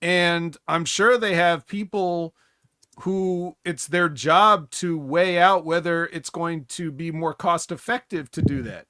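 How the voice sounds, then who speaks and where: A man's voice: a little high, fairly even intonation, slow, bright, forceful tone, no room sound, studio quality. A man co-hosting a casual wrestling podcast chat, blunt and sarcastic, swearing freely. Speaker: podcast co-host.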